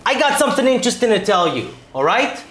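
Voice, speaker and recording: A man playing a talent agent who tries to calm and win over his client in a salesy, placating way. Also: very high voice, fast, roomy sound, slight background noise, heavily acted. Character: smooth-talking male talent agent. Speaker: actor in a short film scene. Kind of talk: acting-class film scene.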